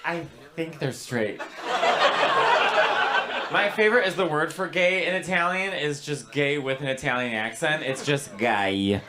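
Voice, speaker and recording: A man doing stand-up crowd work, teasing audience members in a campy, animated way on a comedy club stage. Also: a little high, normal speed, hardly any pauses, heavy background noise. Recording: loud audience laughter throughout.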